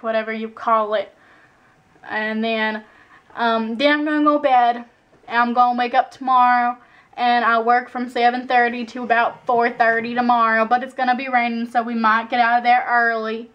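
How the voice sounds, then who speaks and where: A woman's voice: fairly high pitch, lo-fi sound. A young woman chatting casually in a home vlog, rambling from topic to topic and drifting in and out of put-on accents. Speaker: vlogger. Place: at home indoors.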